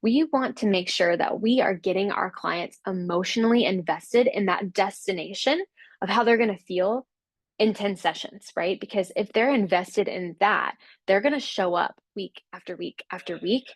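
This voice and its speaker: A woman's voice: medium pitch, normal speed, no room sound. A woman giving an upbeat, encouraging talk that coaches fitness instructors, often acting out quotes from clients. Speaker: Pilates business coach.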